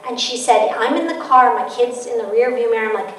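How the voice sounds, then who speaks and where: A woman giving a parenting talk as an author, telling lively stories and acting out the quotes in them. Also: on the high side, a little fast, few pauses. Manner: lively storytelling, acts out quotes. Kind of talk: public lecture. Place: large hall with audience. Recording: echoey hall, distant mic.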